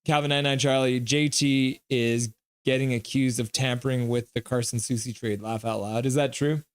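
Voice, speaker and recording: A man hosting a live stream, reacting to a game and joking with his chat in an animated way. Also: mid-range voice, normal speed, clear, resonant tone, dry recording.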